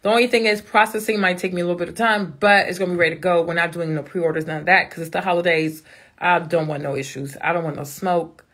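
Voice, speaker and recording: The owner of a makeup brand chats casually with her followers on a phone live stream, talking quickly in a bubbly, excitable manner that occasionally breaks into high squeals.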